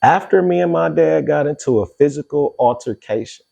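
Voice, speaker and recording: A man's voice: fairly high pitch, normal speed, vocal fry, slightly rough, muffled recording. A middle-aged man hosting a casual podcast chat, telling stories freely with plenty of swearing. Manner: animated storytelling, swears freely. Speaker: podcast host.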